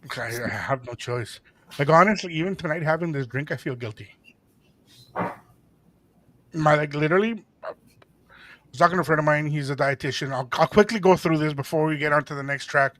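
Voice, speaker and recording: A middle-aged man co-hosting a radio show, telling a story in a lively way and acting out the voices of the people in it. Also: fairly high pitch, fairly quick, long pauses, slight background noise. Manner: animated, acts out quoted voices, mixes in Spanish phrases. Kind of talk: casual storytelling chat.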